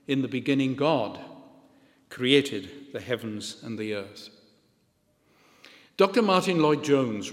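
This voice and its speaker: A man preaching a sermon, measured and emphatic, repeating key phrases and letting phrase ends fall. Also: fairly high pitch. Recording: long reverb of a church hall.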